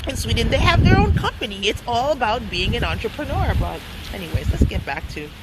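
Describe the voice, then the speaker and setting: A woman's voice: on the high side, big pitch swings, fairly quick, very noisy. A woman telling a story in a casual vlog, chatty and slangy, laughing often. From United States. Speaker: vlogger.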